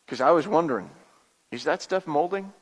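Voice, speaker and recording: A man's voice: on the high side, lively intonation. A pastor doing a humble Israelite father. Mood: reflective. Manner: storytelling, confiding, halting repeats. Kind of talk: first-person dramatic monologue. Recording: long hall reverb.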